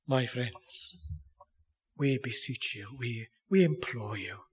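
A man preaching a sermon with earnest pleading, swinging from loud declarations down to hushed near-whispers. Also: mid-range voice, takes it slowly, husky.

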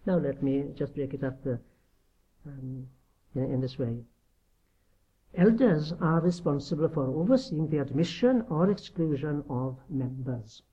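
Preacher, male, slightly high voice, earnest and emphatic, dull lo-fi tape. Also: dark tone. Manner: earnest, emphatic, with rhetorical questions. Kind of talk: sermon. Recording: dull lo-fi recording.

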